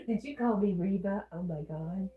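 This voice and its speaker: A woman with a Southern accent and a stuffy nose hosts a livestream, chatting casually and reading viewer comments aloud before answering them. Her voice is medium-pitched at a normal speed, and the audio sounds roomy with phone-like quality.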